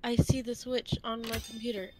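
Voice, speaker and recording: A woman's voice: on the high side, level tone, brisk, a crowd in the background, poor audio. A young woman who teaches game design, chatting casually and rambling with restarts and swearing while streaming a game at home. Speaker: college game-design instructor. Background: game music.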